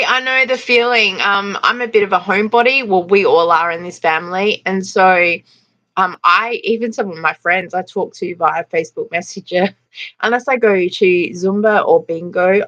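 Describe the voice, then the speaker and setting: A woman's voice: mid-range voice, fairly bright tone, muffled recording. A middle-aged Australian woman hosting a casual livestream, chatting and laughing as she greets viewers by name. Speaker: livestream host. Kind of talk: casual livestream chat reading comments.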